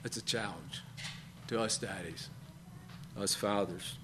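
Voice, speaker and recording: A man preaching a sermon, speaking in halting bursts with frequent fillers and repeated questions to his congregation. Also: fairly low pitch, noisy background. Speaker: pastor.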